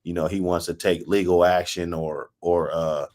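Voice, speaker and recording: A man's voice: deep voice, steady tone, normal speed, darkish tone. A man hosting a live stream, telling stories in a casual, slangy way, laughing often and cursing freely. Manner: acts out quoted people in a raised voice. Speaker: host.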